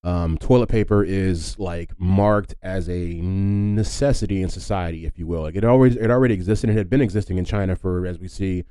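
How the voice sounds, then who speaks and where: A man's voice: low-pitched, brisk, hardly any pauses, warm tone, clear, resonant tone, no echo, low-quality recording. A man hosting a casual solo podcast, rambling with lots of fillers and wry joking asides. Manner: rambling and filler-heavy, often adds "if you will". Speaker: podcast host.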